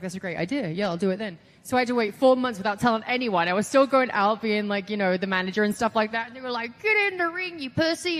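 Chatty woman telling stories, roomy reverb. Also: mid-range voice. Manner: chatty, lots of "like", animated quoting of others. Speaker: guest. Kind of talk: casual interview storytelling.

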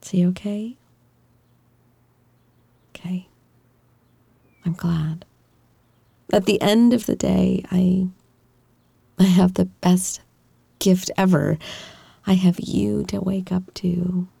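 A woman plays a loving girlfriend in a whispered role-play, soothing her partner with a soft, reassuring manner. The voice is mellow and unhurried, with a breathy edge. It sits close and dry, with no room around it. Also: lowish voice, steady tone, no room sound, full character voice. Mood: tender. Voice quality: soft, gentle, reassuring, playfully teasing. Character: affectionate young adult girlfriend comforting her partner.

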